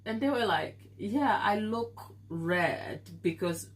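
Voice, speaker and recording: A chatty woman baker hosting a live stream from her home kitchen, with a stuffy nose. Her pitch swings widely as she chats, and she laughs easily. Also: lively intonation, slow. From Africa. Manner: chatty, laughs often, reads out viewer comments. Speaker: baking channel host on a live stream. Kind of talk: casual live-stream chat with viewers.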